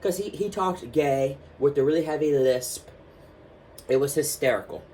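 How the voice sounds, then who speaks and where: A man's voice: a little high, moderate pace, a little hiss or hum. Chatty man telling a funny story. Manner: chatty and animated, with many fillers like "like" and "um". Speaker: vlogger. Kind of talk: casual storytelling while showing artwork.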